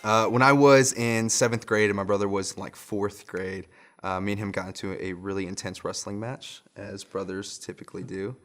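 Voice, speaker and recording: A man's voice: lowish voice, steady tone, normal speed, a bit bright, faint music behind. A young adult man, a pastor, telling a personal story in a casual sermon and often chuckling as he goes.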